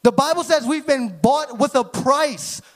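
A man in his thirties preaching a sermon with energy, sometimes rising to shouts. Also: very high-pitched, animated, unhurried. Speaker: pastor.

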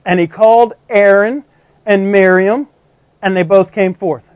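A man with a high, bright-pitched voice delivers a sermon, talking to his congregation like a friend and peppering it with rhetorical questions. The recording is dry and somewhat dull, with little room sound. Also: fairly even intonation, unhurried, no room sound. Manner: conversational, poses frequent rhetorical questions to the congregation. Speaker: preacher.

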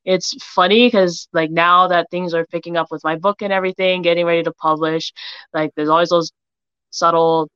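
A woman's voice: fairly low pitch, fairly even intonation, normal speed, fairly bright tone, smooth, no room sound. Giggly young woman, dull dry sound. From Hawaii, raised in Utah. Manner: giggly, many "like" fillers. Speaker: author guest. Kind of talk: casual interview chat.

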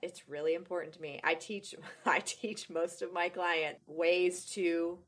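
A woman's voice: lowish voice, fairly even intonation, a little slow, a bit bright. A woman fitness coach in a casual podcast chat, earnest and agreeable, chiming in with short affirmations.

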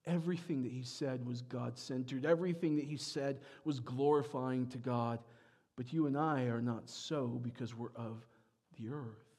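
A pastor preaching a sermon, moving from quiet reflection to loud, emphatic peaks. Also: male voice, medium pitch, fairly even intonation, normal speed, breathy edge.

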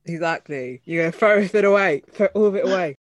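A woman from England co-hosting a casual chat podcast, chiming in with quick reactions. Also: lowish voice, dry recording. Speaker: podcast co-host.

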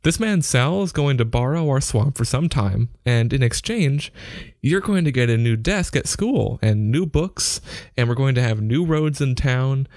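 A man's voice: medium pitch, expressive, measured pace, darkish tone, no room sound, clean studio sound. A man voicing a persuasive official talking down to a child, in a story reading. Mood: coaxing. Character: smooth-talking man, the mayor's persuasive friend.

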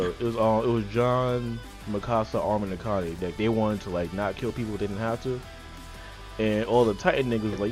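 A man's voice: lowish voice, fairly quick, music in the background. A young man co-hosting a podcast, retelling anime scenes in laid-back, slangy, profane talk. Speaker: podcast co-host. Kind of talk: casual anime recap chat.

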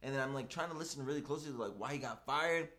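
A man's voice: mid-range voice, rapid-fire. A young man casually telling a story with lots of fillers, acting out the voices of the people he quotes. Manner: animated, filler-heavy, acts out quoted voices.

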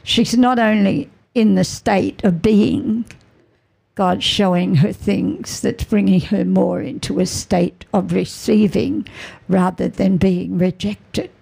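A middle-aged woman giving an earnest, emotional personal testimony as a mother, halting and repeating her phrases. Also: mid-range voice, fairly even intonation, vocal fry, warm tone, slightly rough.

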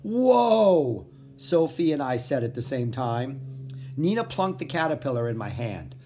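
An expressive reader narrating a children's storybook aloud in first person. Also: medium pitch, moderate pace, slight background noise. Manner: expressive, animated. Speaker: audiobook narrator.

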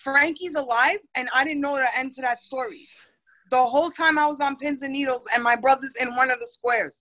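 A woman chatting casually on a podcast, blunt and excitable. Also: sits high, fairly quick, rough recording. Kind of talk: casual chat.

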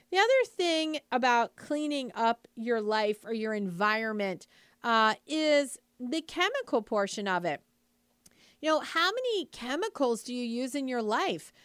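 A chatty woman with a high, smooth voice gives an upbeat motivational talk to moms. She talks casually, sprinkles in "like" and "you know", and keeps asking the listener questions. The sound is dry and close. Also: a bit bright, no room sound. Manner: asks the listener rhetorical questions. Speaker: lifestyle speaker addressing moms.

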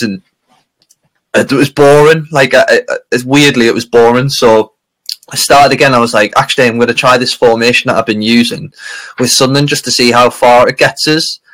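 A man's voice: mid-range voice, fairly bright tone, poor audio. A man co-hosting a casual podcast, rambling and laughing often as he tells stories. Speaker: podcast co-host. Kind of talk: casual chat.

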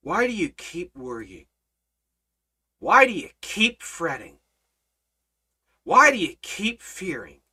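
A Bible study teacher in casual teaching, emphatic, swinging from hushed remarks to loud rhetorical questions and repeating phrases for emphasis. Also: medium pitch, big pitch swings, slow pace, pauses often, husky.

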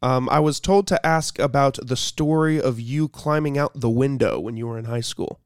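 A young man hosting a casual podcast, relaxed and full of fillers, talking close to the mic. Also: medium pitch, moderate pace, clear, resonant tone, no room sound. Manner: relaxed, filler-heavy, laughs easily. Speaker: podcast host.

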